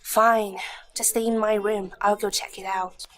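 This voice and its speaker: A woman's voice: mid-range voice, level tone, fairly bright tone, natural voice. A woman playing a teasing unflappable young wife. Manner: brisk and teasing, dryly mocking. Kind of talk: dubbed drama acting.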